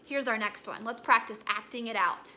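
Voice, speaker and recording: A young woman teaches a recorded lesson for kindergartners with a high, bright voice. She speaks in a gentle, encouraging storytelling manner. Faint background noise sits behind her. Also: normal speed.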